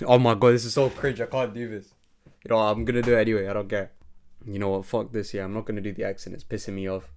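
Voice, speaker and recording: A man's voice: fairly low pitch, flat delivery, quick pace, darkish tone. A man giving a casual film review, ranting and swearing as he talks.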